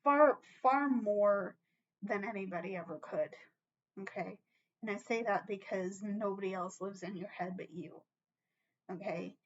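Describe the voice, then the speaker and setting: A woman giving a casual tarot reading to her viewers, chatty and reassuring, often checking in with a quick "okay?". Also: mid-range voice, lo-fi sound, a little hiss or hum. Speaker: tarot reader.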